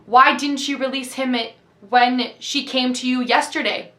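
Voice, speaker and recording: Blustery tall cowboy-hatted official, read by a woman, probing, bright voice. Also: high-pitched, fairly even intonation, unhurried, echoey room. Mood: questioning.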